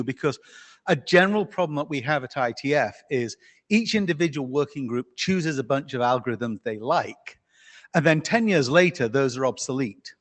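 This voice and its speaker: Guy rambling at the mic in a big echoey meeting hall, kinda high voice. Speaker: meeting participant. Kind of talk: open-mic discussion at a standards meeting. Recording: long hall reverb.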